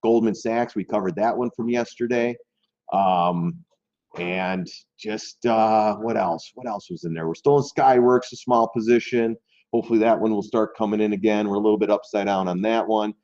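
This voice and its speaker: Middle-aged male trading-stream host, low voice, loose and rambling, muffled lo-fi audio. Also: steady tone, normal speed, a little mellow. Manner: loose, rambling, repeats words, talks straight to viewers. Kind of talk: casual live stream commentary.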